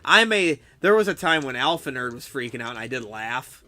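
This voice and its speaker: Streaming a game, a young man in his early adulthood talks loosely with his viewers, cursing freely, laughing a lot, and calling people "dude." His medium-pitched voice is very animated, brisk, pushed, and bright.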